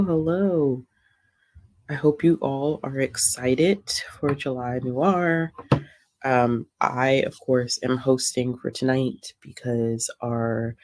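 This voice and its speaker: A woman's voice: a bass voice, darkish tone. A woman hosting a casual reading livestream from home, chatting easily with frequent ums and laughter. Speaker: livestream host. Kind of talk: casual chat.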